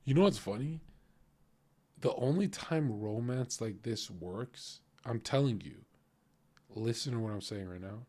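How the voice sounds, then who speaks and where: A man's voice: medium pitch, measured pace, darkish tone. A man streaming and reacting to a clip in casual, crude, opinionated commentary, lecturing his chat and often laughing.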